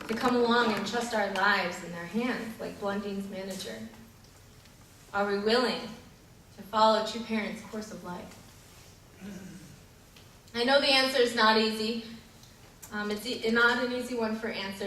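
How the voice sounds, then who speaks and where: A woman's voice: mid-range voice, fairly even intonation, a little slow, long pauses, a bit bright, slight background noise. A woman giving a sermon and telling a story, in an earnest way with some fillers and restarts. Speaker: preacher. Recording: echoey hall, distant mic.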